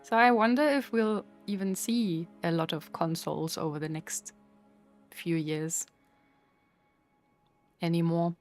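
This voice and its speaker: A woman's voice: lowish voice, a little slow, pauses often, faint music behind. A woman streamer chatting casually with her live chat while playing, playful and full of mock outrage.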